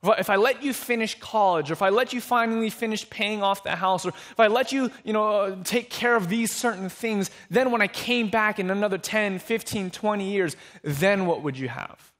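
A man voicing a patient divine figure who speaks in a mild, reasoning way, a bit higher than his own voice. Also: moderate pace, hardly any pauses, fairly bright tone. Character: patient divine father figure, questioning gently.

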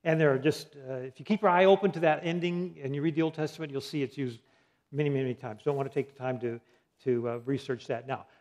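A man's voice: medium pitch, steady tone, quick pace, darkish tone. A man teaching a Bible study lesson, putting questions to his listeners and answering them himself, and spelling out words letter by letter. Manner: spells out words letter by letter, many fillers and restarts.

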